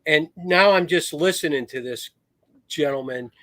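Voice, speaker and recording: A middle-aged American man, a retired Marine officer, telling anecdotes as a podcast guest with lively swings in his voice. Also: a little high, measured pace, no room sound. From United States. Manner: animated storyteller, swings into raised voice.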